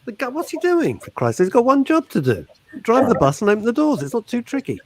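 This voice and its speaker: A man co-hosting a radio show, lively and quick to laugh and exclaim. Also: very high-pitched, no echo. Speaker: radio co-host. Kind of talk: casual radio chat.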